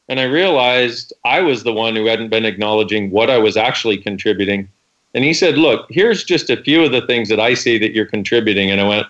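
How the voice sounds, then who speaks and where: A man's voice: medium pitch, animated, brisk, fairly bright tone, dull audio. A man co-hosting a call-in talk show, telling stories and acting out quoted lines. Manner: storytelling, acts out quotes. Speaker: co-host.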